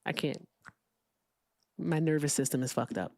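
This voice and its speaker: A woman's voice: low-pitched, normal speed, dark tone, dry recording, clean studio sound. A woman hosting a live political stream, ranting bluntly and reading viewer comments aloud. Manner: blunt, profane, ranting, reads super chats aloud. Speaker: livestream political talk host.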